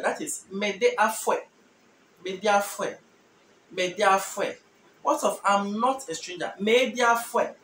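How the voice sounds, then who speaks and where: A man from Ghana giving a beginners' language lesson, saying each phrase slowly and repeating it for the learner. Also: high voice, fairly bright tone, slight background noise. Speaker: language teacher. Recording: echoey room, mic at a distance.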